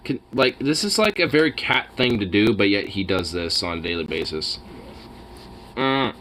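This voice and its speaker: A man talking playful, cooing baby talk to his husky as he films it, laughing often. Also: fairly low pitch, sing-song, moderate pace, a bit bright, a little hiss or hum. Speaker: pet owner filming his husky. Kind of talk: casual baby talk to a dog.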